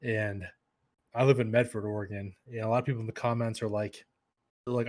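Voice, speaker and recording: A young man talking as a guest on a casual podcast. His voice sits at an ordinary middle pitch, and he rambles along with plenty of fillers and restarts. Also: steady tone, fast, darkish tone.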